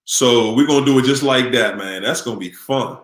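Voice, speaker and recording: A man hosting a live stream in a relaxed, upbeat way, greeting viewers by name as he signs off. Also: medium pitch, brisk. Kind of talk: casual live-stream sign-off. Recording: echoey room.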